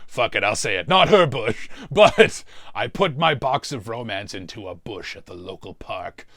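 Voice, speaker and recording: A man's voice: lowish voice, expressive, fairly bright tone, no echo, clean studio sound. A man playing a demonic torturer who hosts a mystery show and tells a comic story about suffering. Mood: wry. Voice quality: gravelly, slow, relishing talk of suffering. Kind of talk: comedic in-character storytelling.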